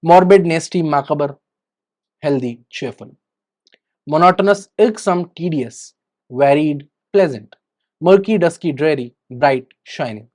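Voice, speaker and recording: Man, Indian English accent, slightly high voice, word list read for exam prep, rising then falling cadence. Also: a little slow, darkish tone. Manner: rising on each headword, falling on the opposites. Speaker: teacher. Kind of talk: reading a vocabulary list.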